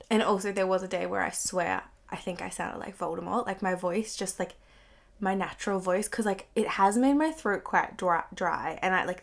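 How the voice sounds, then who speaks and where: Congested, croaky young woman vlogging. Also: medium pitch. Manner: chatty, fills speech with "like". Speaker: beauty vlogger. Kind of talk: casual chat to camera. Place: her bedroom.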